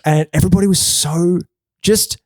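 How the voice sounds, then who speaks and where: A man telling a long, animated story in a casual podcast chat, often swearing and acting out quotes in a loud, high voice. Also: normal speed, dry recording. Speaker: podcast guest.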